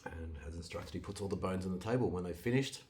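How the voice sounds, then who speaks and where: A man telling a fairytale in a loose, conversational way, with restarts and sudden jumps in loudness. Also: low-pitched, fast talker. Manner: loose retelling with restarts, lively swings in loudness. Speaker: storyteller. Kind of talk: casual fairytale storytelling.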